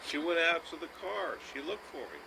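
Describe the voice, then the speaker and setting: A middle-aged man who is drunk, telling a rambling anecdote at the dinner table, very slowly and with long pauses. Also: fairly high pitch, expressive, creaky. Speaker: storyteller at family dinner. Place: family dining room after dinner. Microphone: camcorder mic across the room. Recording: noisy 1990s home video.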